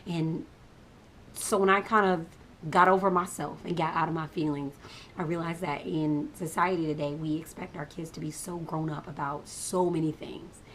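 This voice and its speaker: Woman, lowish voice, animated casual storytelling, whispered asides, faint rumble behind. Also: moderate pace. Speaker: mother telling a family story.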